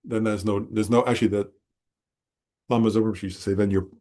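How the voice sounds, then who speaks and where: A man teaching a Buddhist class in a relaxed, conversational way, often checking in with his listeners and correcting himself as he goes. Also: on the low side, fairly quick. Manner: conversational, self-correcting, frequent "right?". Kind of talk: informal dharma talk. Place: meditation center class.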